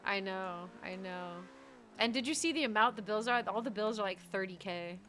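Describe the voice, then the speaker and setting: Her voice is medium in pitch and a bit bright, delivered at a normal speed with a little hiss or hum on the recording. This young woman is streaming a roleplay game, chatting casually, often giggling and muttering to herself, in a blend of casual gaming chat and in-character roleplay. Faint music can be heard.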